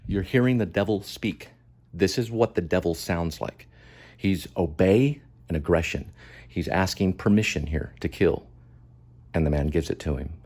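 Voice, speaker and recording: A man with a deep, low-pitched voice comments on a video as the host of his own show. He talks emphatically and preachily, circling back to repeat his key points. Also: normal speed, a little mellow, husky. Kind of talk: impassioned commentary.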